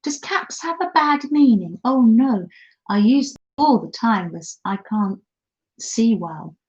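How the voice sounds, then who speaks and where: A woman's voice: a little high, animated, unhurried, a little mellow, highs cut off. A middle-aged woman hosting a casual craft live stream, chatting and reading viewer comments aloud with frequent laughs. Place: holiday home, indoors at a craft table. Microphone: laptop mic.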